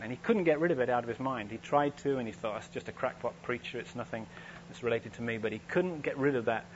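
Man preaching a storytelling sermon. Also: mid-range voice. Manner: storytelling, conversational, with many restarts. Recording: dull, slightly noisy lo-fi recording with hum.

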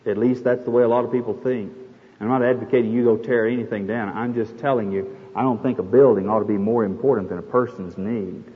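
A man preaching a sermon, retelling a scripture story in a folksy, animated way. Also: lowish voice, a little fast. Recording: echoey hall, dull lo-fi, faint noise.

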